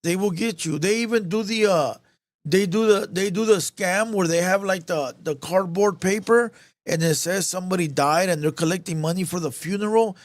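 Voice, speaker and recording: A man's voice: high-pitched, moderate pace, no echo, clean studio sound. A man hosting a live show, telling a heated, profane story in casual street slang, repeating himself as he goes.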